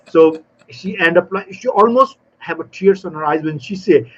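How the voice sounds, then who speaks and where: A man talking as a guest expert in a live panel, telling lively stories and explaining in non-native grammar, often acting out little exchanges. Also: fairly high pitch, moderate pace, few pauses, lo-fi sound. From South Africa. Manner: animated storyteller, non-native grammar, acts out dialogue. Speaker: barista trainer guest.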